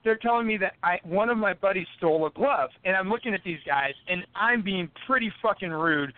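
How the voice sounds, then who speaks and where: A high-pitched man rattles off profanity-filled stories as a guest on a podcast, laughing between anecdotes. His voice comes through thin and tinny, like a phone line, with a dry sound and no room echo. He is a boxer from the United States, telling his tales in a loose, casual way. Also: expressive, brisk. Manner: profane, swears constantly.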